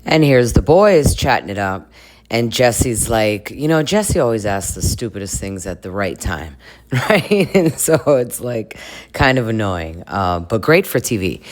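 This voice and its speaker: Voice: medium pitch, sing-song, a little slow. Chatty gossiping recap vlogger. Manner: chatty, laughs often between lines. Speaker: reality show recap vlogger.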